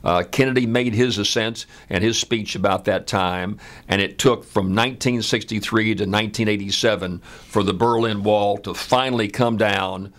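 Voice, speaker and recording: A man in his seventies from the United States, telling a personal story in an unhurried, conversational way with frequent "uh" fillers. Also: lowish voice, fairly even intonation, fairly bright tone. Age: 70s.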